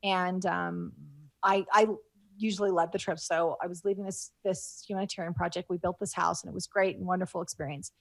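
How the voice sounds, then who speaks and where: A woman's voice: fairly low pitch, little pitch movement, brisk, gravelly, no echo. A middle-aged woman telling stories as a guest in an interview. She rambles, with many fillers and restarts, and is moved to tears as she talks. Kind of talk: casual interview talk.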